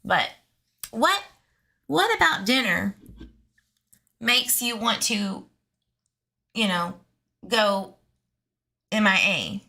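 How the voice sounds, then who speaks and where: A woman's voice: medium pitch, lively intonation, extremely slow, vocal fry, long pauses, bright, forceful tone. A woman hosting a true crime channel, reading police documents aloud and breaking off into sarcastic, chatty asides to her viewers.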